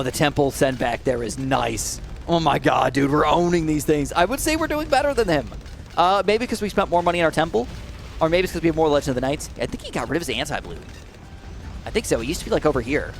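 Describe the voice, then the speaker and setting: A young man commentating his gameplay, swinging between low mutters and high, alarmed shouts. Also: a little hiss or hum. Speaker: gaming commentator.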